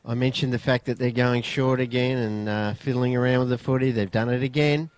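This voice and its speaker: An Australian man giving expert analysis during a football broadcast, relaxed and a little hesitant. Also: mid-range voice, fairly quick, clear, resonant tone, no room sound. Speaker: expert commentator. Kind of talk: sports commentary analysis.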